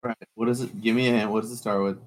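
Low-voiced man cursing his wrong guesses. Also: fairly even intonation, racing. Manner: guessing aloud, swearing at misses. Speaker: podcast co-host. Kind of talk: casual chat.

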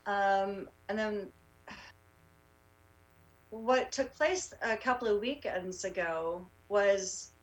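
A woman, a rally organizer, tells her story in a casual interview, halting often with fillers and restarts. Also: mid-range voice, distant mic, poor audio. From Canada.

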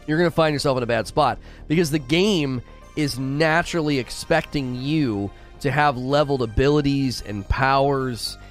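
A man's voice: mid-range voice, normal speed, soft background music. A man hosting a casual gaming live stream, talking in a rambling way and often repeating himself.

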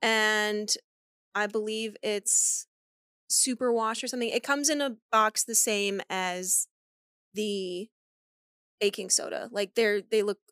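A woman's voice: medium pitch, fairly even intonation, slow, a bit bright, clean tone, no echo, studio quality. A woman co-hosting a podcast in casual chat, chatty and swearing freely, laughing often. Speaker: podcast co-host.

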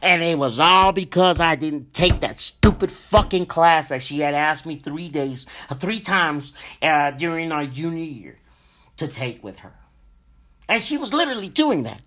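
Slow-talking man telling a personal story. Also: fairly high pitch, animated. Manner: slow, emotional, profane, addresses listeners as ladies and gentlemen. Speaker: podcast host.

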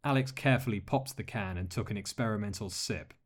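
A man narrating a story aloud as an audiobook reader, steady and expressive. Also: lowish voice, fast talker. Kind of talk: audiobook reading of fan fiction.

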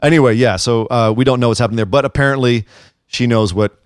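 A man's voice: medium pitch, steady tone, quick pace, clean tone, dry recording, clean studio sound. A young man co-hosting a casual wrestling podcast, recapping shows with bursts of enthusiasm. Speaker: podcast co-host. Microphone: headphones and studio mic.

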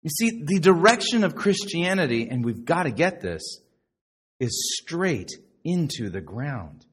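A middle-aged man preaching a sermon to a live congregation, sarcastic and animated, now and then mocking other people's voices. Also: on the high side, husky. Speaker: pastor.

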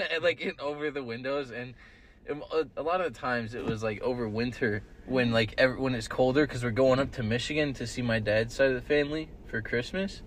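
A young man co-hosting a casual podcast, rambling through stories, swearing often and shouting the lines he quotes. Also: medium pitch, brisk. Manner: rambling storyteller, swears a lot, loud bursts when quoting. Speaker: podcast co-host. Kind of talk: casual chat. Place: in a car with friends.

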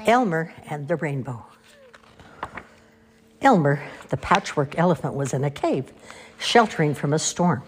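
A woman reading children's stories aloud in an expressive, sing-song way. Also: sits low, unhurried, long pauses, slight background noise. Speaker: storyteller. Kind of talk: children's story read-aloud.

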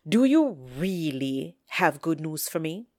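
A woman voicing a wary, sharp-witted old hen who speaks in a dry, skeptical, teasing way. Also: low voice, big pitch swings, unhurried, no echo.

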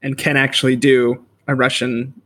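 A man's voice: mid-range voice, flat delivery, normal speed, a bit bright. Opinionated man critiquing films. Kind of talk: casual movie review chat.

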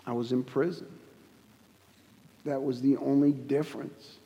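A man shares his testimony at a church service, earnest and halting, often stopping to restart his sentences. His voice is mellow and dark. The sound is a little dull, with a long reverb from a large hall. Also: mid-range voice, little pitch movement. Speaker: guest speaker giving testimony.

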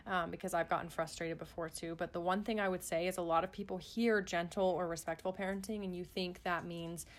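A woman's voice: on the low side, steady tone, fairly quick. A woman who is a parent, talking in a casual, earnest way with many fillers and restarts. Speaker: parent guest on a podcast. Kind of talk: casual chat.

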